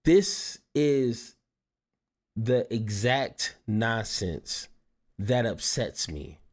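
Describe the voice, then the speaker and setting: A man's voice: mid-range voice, lively intonation, extremely slow. A man hosting a reaction video, giving casual, exasperated commentary with sighs and restarts. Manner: exasperated, sighing asides with many restarts.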